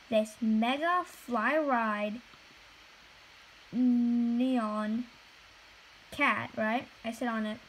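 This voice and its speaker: A woman's voice: fairly high pitch, a bit bright, rough recording. A young woman hosting a gaming channel, retelling a story in a chatty, rambling, exasperated way. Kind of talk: casual storytelling vlog. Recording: faint background noise.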